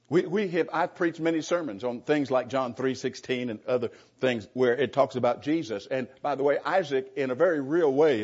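Male pastor teaching a Bible class, earnest and emphatic, husky, on a dull lo-fi recording. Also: a little high, a little mellow.

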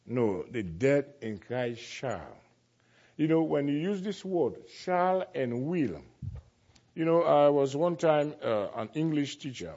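A man preaching a sermon emphatically, slowing to stress key words and dropping to quiet asides, in a dull lo-fi recording. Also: a little high, sing-song, breathy edge. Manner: emphatic, swings from loud declaiming to quiet asides.

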